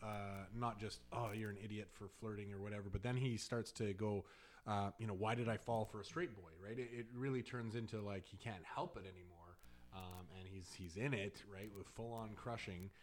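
A man's voice: on the low side, steady tone, normal speed. Man co-hosting a casual podcast. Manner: thoughtful, recaps the story with many restarts. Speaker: podcast co-host. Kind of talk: casual book-club chat.

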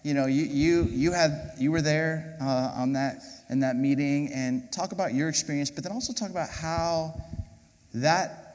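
A man, a pastor, gently interviewing guests on stage during a sermon, halting with many fillers. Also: fairly high pitch. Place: large church auditorium with congregation. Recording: reverberant church hall with audience.

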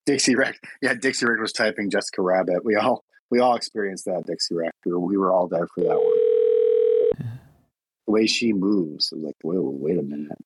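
A man's voice: low-pitched, moderate pace, background noise. A man co-hosting a casual podcast in an easygoing, laid-back way. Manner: easygoing, laid-back, plugs an upcoming stream. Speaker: podcast co-host.

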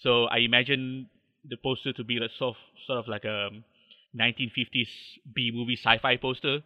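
A man's voice: mid-range voice, level tone, normal speed, no echo, dull audio. A man with a Malaysian English accent, a podcast guest chatting casually and rambling with many restarts. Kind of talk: casual interview chat.

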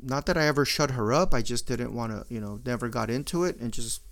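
Man, middle-aged, gravelly, mid pitch, profane, blunt, casual monologue. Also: fast, a bit bright. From Mexican-American. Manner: profane, blunt, mixing Spanish slang into English.

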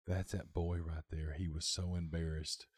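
A man's voice: low voice, moderate pace, slightly rough, dry recording, clean studio sound. A man co-hosting a podcast, telling a funny story in casual banter. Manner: animated storyteller.

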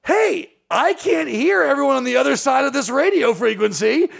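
A man who works as a stand-up comedian, telling stories in casual podcast talk with quick asides and swearing. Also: extremely high pitch, animated, vocal fry. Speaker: comedian guest.

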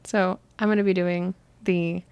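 Fast-talking giggly young Californian woman. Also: on the low side, flat delivery, smooth, dry recording, highs cut off. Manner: talks fast, giggly, lots of "like". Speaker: podcast co-host. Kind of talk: casual chat, reading book descriptions.

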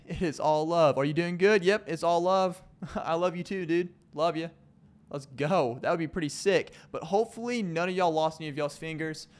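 A man's voice: fairly high pitch, smooth. A young man hosting his own podcast, chatting casually in a rambling, jokey way and laughing often. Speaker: podcast host. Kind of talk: casual solo podcast chat.

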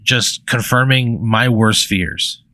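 A man's voice: medium pitch, slow pace, sharp tone, dry recording. A man playing along in an improvised comedy bit, exasperated and swearing as he talks back. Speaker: comedy podcast guest.

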